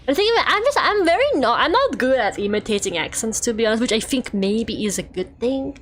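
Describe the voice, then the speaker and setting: A young woman from Russia chats through her game stream in a slightly high, sing-song voice, talking a little fast with few pauses. It's casual, rambling talk full of fillers and frequent laughs.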